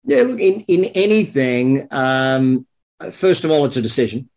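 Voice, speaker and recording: A man's voice: medium pitch, a little slow. A middle-aged man with an Australian accent, a business coach guest telling his story in an interview. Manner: relaxed storytelling with fillers. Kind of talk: interview conversation.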